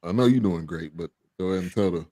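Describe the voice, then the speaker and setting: A man hosting a casual podcast chat, relaxed and laughing often, with loose fillers. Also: low-pitched, quick pace. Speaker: host.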